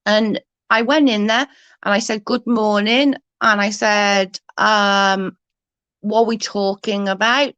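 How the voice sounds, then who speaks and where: A woman's voice: medium pitch, fairly even intonation, slow, fairly bright tone, smooth, no room sound, dull audio. Angry ranting woman, dry close sound. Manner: angry, swearing, ranting with restarts. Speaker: livestream guest. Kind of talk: heated casual chat.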